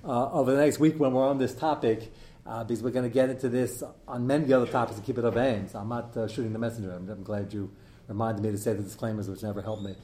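A middle-aged man teaching a live class as its rabbi, animated and joking, with many fillers as he digresses. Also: medium pitch, quick pace, reverberant, slight background noise. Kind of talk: live lecture to an audience.

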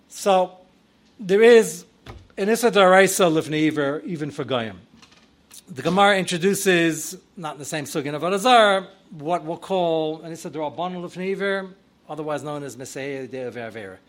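A rabbi teaches a Torah class in a slightly high voice at a brisk pace, dropping in Hebrew and Yiddish terms. He gets loud and animated while acting out his examples.

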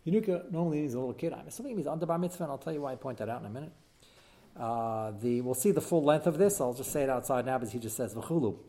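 A man teaching a text-study class, explaining quickly and animatedly with frequent "uh" fillers. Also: mid-range voice, warm tone.

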